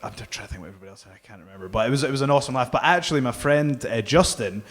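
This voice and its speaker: A man's voice: mid-range voice, animated, racing, fairly bright tone. Rambling man telling stories. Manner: rambling, self-mocking, laughs often. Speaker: guest wrestler. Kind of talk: casual anecdote telling. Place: live podcast stage.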